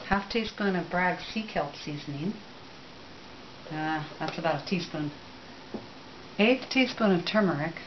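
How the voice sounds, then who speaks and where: A woman's voice: lowish voice, expressive, measured pace, long pauses, lo-fi sound, noisy background. A woman giving a casual, rambling recipe demonstration, chatty, with frequent ums and self-corrections. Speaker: cooking demonstrator.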